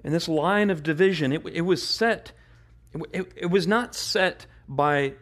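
A male pastor preaching a sermon in an earnest way, often repeating and restarting his phrases and growing impassioned at his high points. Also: unhurried. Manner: turns impassioned and louder at climaxes.

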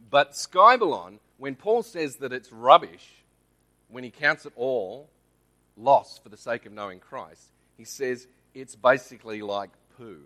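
Australian male lay preacher, conversational church talk, bright voice. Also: medium pitch, lively intonation, unhurried. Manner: conversational, checks in with the audience.

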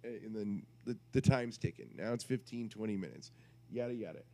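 A man's voice: on the low side, animated, fairly quick, a little mellow. A man on a podcast, telling a rambling, crude story in casual chat and interrupting himself as he goes. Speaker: podcast co-host.

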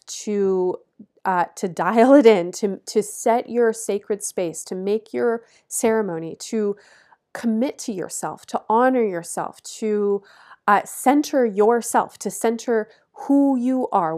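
A woman's voice: medium pitch, darkish tone. Woman astrologer, forecast monologue; earnest, coaching tone, laughs between phrases and repeats her instructions for emphasis.

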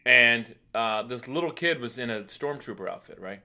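Animated ranting podcast man, bright voice. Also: mid-range voice, normal speed. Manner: animated ranting, rising loud with exasperation. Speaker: podcast co-host. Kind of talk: casual chat.

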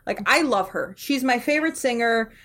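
Animated New York woman telling stories. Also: on the high side, normal speed. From New York City. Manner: excitable storyteller, lots of "like". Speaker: podcast co-host. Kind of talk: casual chat.

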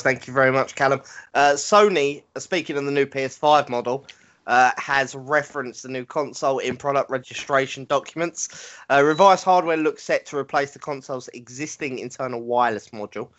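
Young male podcast host, relaxed news read, muffled lo-fi sound. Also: medium pitch, a little fast. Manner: relaxed, reads news with fillers. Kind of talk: casual gaming podcast chat. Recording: dull lo-fi podcast audio.

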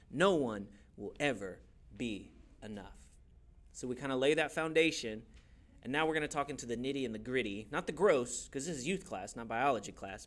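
A man teaching a church youth class in a playful, animated way, often laughing and acting out quick voices. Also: mid-range voice. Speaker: youth pastor.

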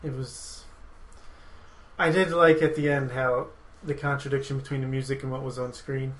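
A man's voice: medium pitch, level tone, moderate pace, a bit bright, poor audio. Man hosting a casual movie podcast. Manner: rambling, opinionated, laughs often. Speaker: podcast host.

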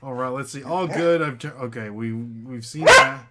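A man's voice: medium pitch, moderate pace, hardly any pauses, noisy background. A man hosting a casual reselling chat, rambling with fillers and talking to viewers. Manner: rambling, many fillers, chatty with viewers and dog. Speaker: reseller podcast host. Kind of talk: casual livestream chat with his wife.

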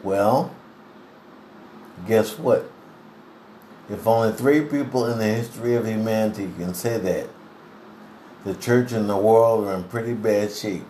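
A man with a lowish voice preaches a devotional sermon, taking his time over every phrase. He speaks earnestly and deliberately and clears his throat now and then. The recording sounds roomy, with a faint hiss behind him. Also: mellow.

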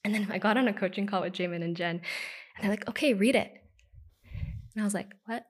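A woman's voice: medium pitch, fairly even intonation, racing. A woman in her thirties from the United States speaks as a podcast guest. She tells her personal story in a candid, heartfelt way. Her speech is loose and conversational, full of "like" and "you know.".

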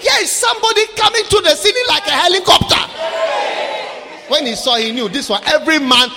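A man preaching a sermon, shouting for emphasis and mimicking people in a sing-song voice. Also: very high voice, brisk, long reverb tail, crowd noise, background noise.

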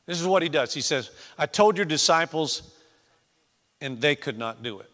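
A male pastor preaching with a bright, forceful tone and a fairly high voice. He drops to a near-whisper and then climbs to emphatic, raised lines. The sound has a long reverb from a large church hall. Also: expressive, moderate pace. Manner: emphatic preaching that swings from hushed to shouted. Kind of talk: sermon.

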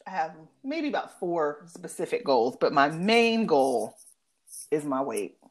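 A woman's voice: sits low, sing-song, measured pace. A young adult woman in a casual chat with a friend, earnest and reflective, stretching words for emphasis.

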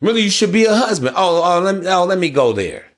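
A man delivering a casual podcast monologue in a blunt, preachy way, with frequent profanity. His voice sits somewhat high for a man. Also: sing-song, fast. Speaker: podcast host.

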